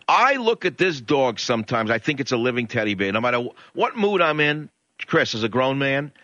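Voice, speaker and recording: A male talk radio host tells a grievance in a ranting, indignant rush, his pitch leaping up and down. His voice is bright and forceful. The sound is dry and a little dull, like an old radio broadcast. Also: dry recording. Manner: ranting, indignant, rapid storytelling.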